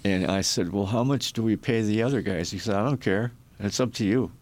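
A man's voice: on the low side, a little fast, a little mellow. An older man from Michigan, a guest in an interview, telling long rambling stories and acting out the people in them. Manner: rambling anecdotes with restarts and acted quotes. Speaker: guest, former rock roadie and photographer. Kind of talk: storytelling in a podcast interview.

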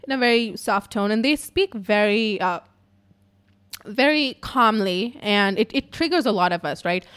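A woman podcaster tells a personal story straight to her audience. Her delivery is raw and emotional, peppered with swearing and constant "like" fillers, at an ordinary middle pitch. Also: lively intonation, measured pace, fairly bright tone, smooth. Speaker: podcaster and YouTuber.

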